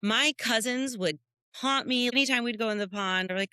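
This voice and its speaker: A woman from the United States, co-hosting a podcast, telling animated stories in a casual chat and jumping up high when she quotes people. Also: moderate pace, clean tone, no echo, studio quality. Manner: animated storyteller who jumps high when quoting people. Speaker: podcast co-host.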